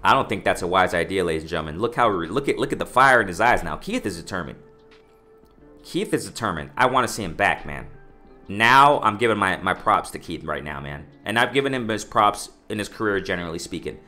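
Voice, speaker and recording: A man giving a casual boxing commentary vlog, excited and repetitive, often calling out to "ladies and gentlemen" and restarting his sentences. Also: low voice, a little fast, soft background music.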